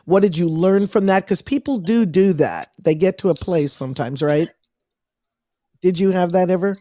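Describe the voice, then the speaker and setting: A woman's voice: on the low side, moderate pace, dark tone, no echo. Woman host with a dry, close sound. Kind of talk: casual interview chat.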